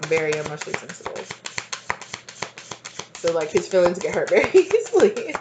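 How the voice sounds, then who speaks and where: Tarot reader, female, low pitch, casual and rambling, quick to laugh at herself. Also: very animated, background noise. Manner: rambling, repeats herself, many fillers; laughs easily, chatty asides. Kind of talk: casual spoken tarot reading.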